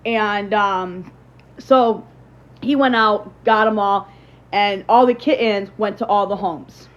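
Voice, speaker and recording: A woman's voice: medium pitch, takes it slowly, lo-fi sound. Rambling young woman telling a story. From Illinois. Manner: rambling storytelling with many fillers and restarts; talks to her viewers. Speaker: livestreamer. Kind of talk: casual livestream chat.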